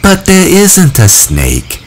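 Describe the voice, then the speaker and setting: A man's voice: sits high, wildly swooping pitch, slow pace, a little hiss or hum, pitched above the performer's own voice, exaggerated voice. A man voicing a confident boy leader who cheerfully reassures the others in a storybook reading. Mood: reassuring. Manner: upbeat, coaxing, patiently explaining.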